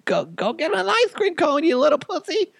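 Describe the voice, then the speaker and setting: A man's voice: extremely high pitch, huge pitch swings, moderate pace, gravelly, fairly bright tone, no echo, studio quality, voice pushed up, heavily acted. A man voicing a fussy, doting middle-aged mother who coddles her son and slips into crude punchlines. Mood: mock-coddling.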